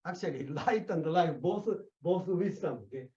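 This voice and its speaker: A man lectures on a Buddhist text, stressing key words and stopping to ask "okay?" and "see?". His voice is slightly high but mellow. The recording sounds a little dull and lo-fi. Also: moderate pace. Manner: emphatic, repeats "okay?" and "see?" to check understanding. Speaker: Buddhist teacher.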